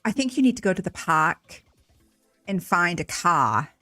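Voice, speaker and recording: Woman playing a stern woman leader, put-on Boston accent, deadpan, dry close sound. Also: fairly low pitch, a little slow, no room sound, soft background music, pitched below the performer's own voice, full character voice. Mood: bossy. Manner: bossy, deadpan, rambling slang. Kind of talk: improvised comic scene reading.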